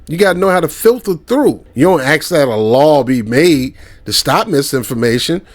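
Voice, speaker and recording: A man hosting his own commentary channel, ranting in a heated, slangy way, mocking his target and breaking into laughing anecdotes. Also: mid-range voice.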